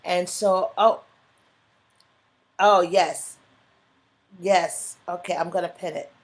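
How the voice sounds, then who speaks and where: A woman's voice: on the low side, steady tone, takes it slowly. A middle-aged woman hosting her own live online show, talking in an emotional, fervent way that builds into preacher-like exhortation. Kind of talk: live stream talk, preacher-like testimony.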